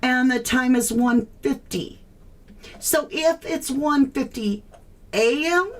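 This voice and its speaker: Slow, puzzled woman streaming live. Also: high voice, lively intonation. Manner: incredulous, puzzling aloud, greets chat viewers warmly. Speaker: true crime livestream host. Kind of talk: casual livestream chat.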